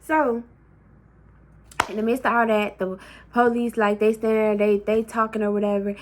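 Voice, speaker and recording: A woman vlogger telling a heated, profane storytime in a casual, animated way. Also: a little high, moderate pace.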